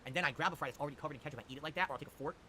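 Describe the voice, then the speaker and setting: Rapid-fire ranting male streamer. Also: fairly high pitch, bright, forceful tone, slight background noise. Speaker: streamer reading chat. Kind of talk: livestream chat reply.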